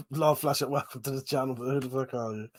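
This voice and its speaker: A man's voice: mid-range voice, moderate pace, fairly bright tone. A man with a cold, sniffling and coughing, hosting a casual live stream where he reads out viewer comments, swearing and laughing often.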